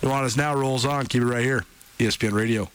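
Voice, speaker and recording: A man's voice: mid-range voice, steady tone, quick pace, loud music behind the voice, poor audio. A man hosting a sports radio show, talking loosely with fillers and restarts.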